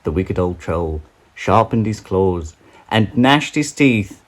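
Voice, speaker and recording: A man reading a children's storybook aloud with an expressive, sing-song delivery. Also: sits low, slow pace, rough recording.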